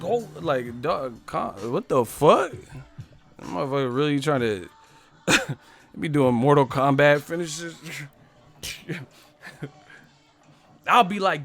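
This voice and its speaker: A man with a slightly high voice riffs on a live stream, trading playful, boastful rap bars and cracking himself up between them. Faint music plays underneath him. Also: lively intonation, takes it slowly, creaky, long pauses, a bit bright. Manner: playful, boastful, laughing at his own rhymes. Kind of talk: casual live stream chat, freestyle rapping.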